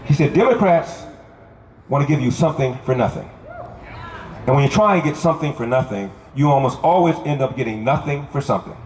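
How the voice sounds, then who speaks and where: A man's voice: medium pitch, lively intonation, brisk. Guy from LA doing a campaign speech outside, punchy repeated lines, noisy crowd around. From Los Angeles. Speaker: political candidate. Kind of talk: outdoor campaign rally speech. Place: outdoors at a rally. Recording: echoey crowd recording. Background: crowd noise.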